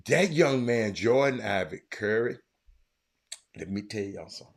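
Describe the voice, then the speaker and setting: A man hosting a casual sports talk show, loud, excitable and rambling, with some swearing. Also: lowish voice, normal speed.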